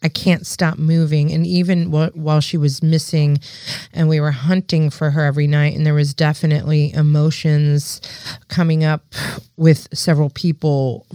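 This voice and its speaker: A woman's voice: low-pitched, darkish tone, no echo. Earnest woman co-host, dry close sound. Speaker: podcast co-host. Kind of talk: casual chat.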